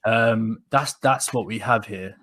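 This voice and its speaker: A man's voice: on the low side, measured pace. Rambling man. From England. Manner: rambling, many restarts, animated when quoting people. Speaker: podcast co-host. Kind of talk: casual conversational storytelling.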